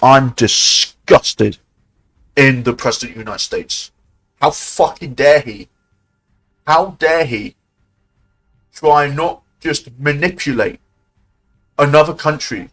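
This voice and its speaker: A man's voice: mid-range voice, a bit bright, rough recording. A male streamer ranting angrily on a live stream, swearing often and stumbling through restarts. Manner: heated, swearing, halting with many restarts. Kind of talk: angry live-stream rant.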